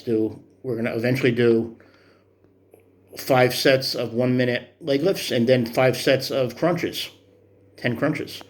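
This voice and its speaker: A man in his fifties talking through his workout progress in a vlog, earnest and encouraging in a rambling way. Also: mid-range voice. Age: 50s. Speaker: vlogger. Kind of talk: motivational fitness vlog.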